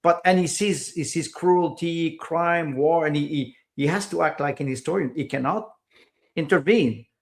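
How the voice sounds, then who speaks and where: A man's voice: a little high, moderate pace, gravelly. A man speaking as a podcast guest in casual conversation, hesitant, with many fillers and repeated words, and small grammar slips of a second-language English speaker.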